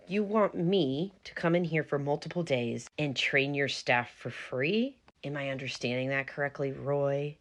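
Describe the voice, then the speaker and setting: A woman's voice: low voice, measured pace, few pauses. A young woman narrating her own story and acting herself out, earnest, polite but firm. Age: young adult.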